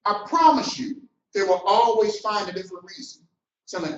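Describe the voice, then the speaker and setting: A middle-aged man giving a motivational business talk, animated and preacher-like, swinging between loud and soft. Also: sits high, normal speed, slight background noise. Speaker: business coach. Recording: roomy, distant, dull sound.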